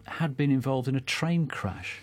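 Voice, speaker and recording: A man hosting a radio show, chatting casually with guests and recapping in a relaxed, easygoing way. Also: medium pitch, unhurried. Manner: easygoing, brief interjections and recaps.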